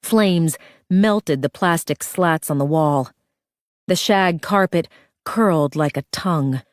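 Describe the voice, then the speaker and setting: A woman's voice: sits low, slow, no room sound, studio quality. A woman narrating a thriller audiobook with a tense, urgent reading.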